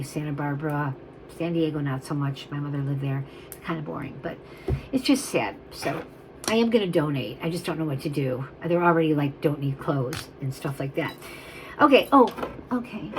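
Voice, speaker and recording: Woman jewelry seller, lower voice, chatty and tangent-prone, quite emotional. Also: moderate pace, slight background noise, rough recording. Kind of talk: rambling live sales chat.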